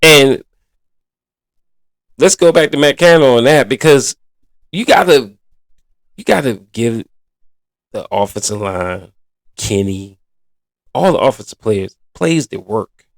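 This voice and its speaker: A man's voice: mid-range voice, animated, measured pace, long pauses, no echo. A man hosting a sports podcast in a casual, blunt and exasperated manner, full of colloquial slang. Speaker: podcast host.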